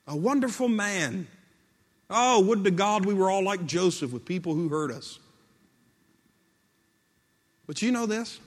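A man's voice: sits high, lively intonation, normal speed. Guy preaching, tells the story and does the quotes, gets fired up, lots of hall echo. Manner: storytelling, voices quotes, builds to impassioned peaks. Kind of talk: sermon. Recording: long hall reverb.

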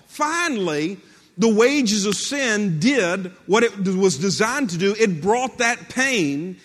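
High-voiced male preacher in a hall. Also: animated, takes it slowly, fairly bright tone. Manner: dramatic storytelling with repetition. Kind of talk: sermon. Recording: long hall reverb.

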